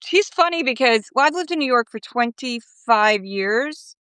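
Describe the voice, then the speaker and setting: A middle-aged woman talking as a guest in a casual interview, lively and quick, laughing between thoughts. Her voice is bright and a little high. The phone sound is dry and close. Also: clean tone, no room sound. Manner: animated, quick, laughing asides. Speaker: podcast guest.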